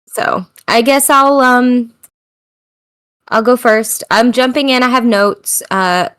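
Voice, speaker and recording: A woman's voice: fairly high pitch, slow pace, fairly bright tone, clear, resonant tone. An American woman hosting a podcast in casual chat, tired, chatty and self-mocking, laughing often. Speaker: podcast host.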